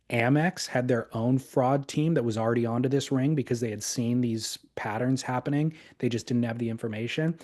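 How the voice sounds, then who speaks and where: A man's voice: mid-range voice, a little mellow. A man co-hosting a podcast, telling a story in casual chat with fillers. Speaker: podcast co-host.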